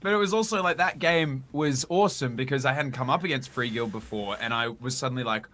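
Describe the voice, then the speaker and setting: An Australian man with a bright, forceful voice chats as a guest. He tells stories with lively, self-mocking humour. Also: mid-range voice, fast talker. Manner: animated, self-mocking storytelling. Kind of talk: casual chat.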